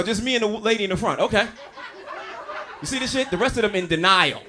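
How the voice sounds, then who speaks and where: Male stand-up comedian, high bright voice, animated and profane, crowd work, audience laughter behind. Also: fast talker. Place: comedy stage before a live audience.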